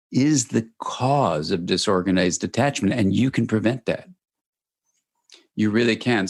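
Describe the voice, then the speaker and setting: Low-voiced man explaining measuredly. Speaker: guest expert. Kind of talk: interview answers.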